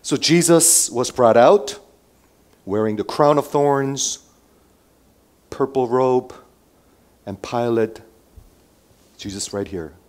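A man preaching a sermon who moves between loud emphatic lines and quiet asides, and asks his listeners many rhetorical questions. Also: mid-range voice, slow, pauses often. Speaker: pastor.

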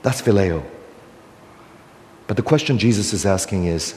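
An older male pastor delivers a sermon at a moderate pace with long pauses, his pitch swooping up and down in a lively way. He drives his points home with rhetorical questions. His voice lingers in the long reverb of a large hall, with slight background noise.

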